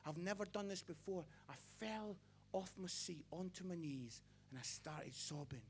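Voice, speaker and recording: A middle-aged man preaching a sermon, telling stories passionately and building to near-shouts. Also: high-pitched, expressive, moderate pace, a little hiss or hum.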